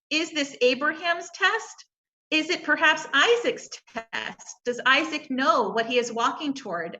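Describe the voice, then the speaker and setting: Bright-voiced woman rabbi posing questions. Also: on the high side, lo-fi sound. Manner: reflective, poses questions, retells scripture. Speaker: rabbi on an interfaith panel. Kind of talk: panel talk on scripture.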